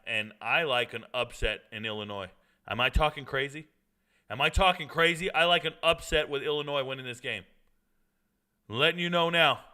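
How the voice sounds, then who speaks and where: A man hosting a live-streamed sports talk show, animated and repeating his points for emphasis. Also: mid-range voice, clean tone.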